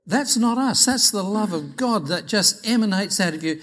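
A middle-aged Australian pastor preaches by telling anecdotes. His voice sits a touch high. He is chatty and acts out each exchange with animation. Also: animated, normal speed, few pauses, a bit bright. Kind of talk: sermon storytelling.

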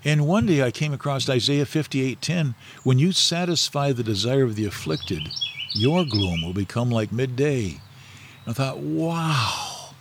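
A man's voice: medium pitch, animated, moderate pace, slight background noise. Rambling middle-aged man telling stories. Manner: rambling, anecdotal, with many fillers and restarts. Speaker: interview guest. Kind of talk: casual storytelling interview.

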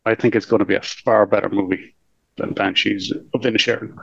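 A blunt man with a gravelly, creaky voice gives dry, sarcastic verdicts on films. His voice comes through a dull, muffled lo-fi mic, and the sound is dry, with no room echo. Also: fairly low pitch, fairly even intonation, a little fast. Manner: blunt and dryly sarcastic critic. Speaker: film review podcast co-host. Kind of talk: casual film review chat.

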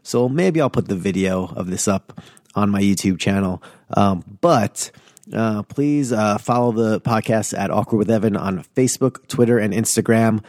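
A man's voice: on the low side, moderate pace, no room sound, studio quality. Laid-back male podcast host. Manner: relaxed, lots of "like" fillers. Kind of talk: casual podcast chat.

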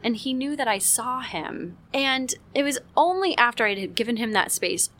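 A mother telling a parenting story in a casual teaching talk, animated, with frequent "like" and quick acted-out quotes. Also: fairly high pitch.

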